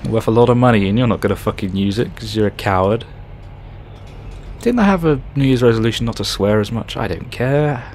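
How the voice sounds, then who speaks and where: A gaming YouTuber provides let's play commentary on a video game, sarcastic and swearing, with jokey asides. His medium-pitched, darkish voice runs a little fast, and there's a slight hiss or hum in the background.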